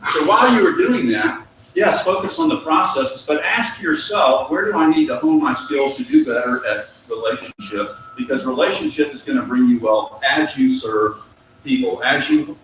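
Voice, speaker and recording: Echoey, bright-voiced man giving a business talk. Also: medium pitch, big pitch swings, moderate pace, a little hiss or hum. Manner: storytelling, acts out dialogue, has audience repeat phrases. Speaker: business speaker. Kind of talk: motivational talk to a live audience. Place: meeting room with an audience. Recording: echoey room, mic at a distance.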